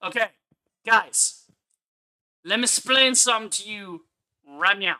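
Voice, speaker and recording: A man's voice: sits high, a little slow, pushed and bright, clear, resonant tone. A man ranting angrily on a live stream as he reviews a film, swearing often and repeating his points for emphasis. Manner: angry, profane ranting.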